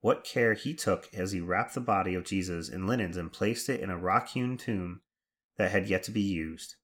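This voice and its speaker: A man leading devotional prayers and reflections in a measured, reverent recitation. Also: deep voice, a bit bright. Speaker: prayer leader.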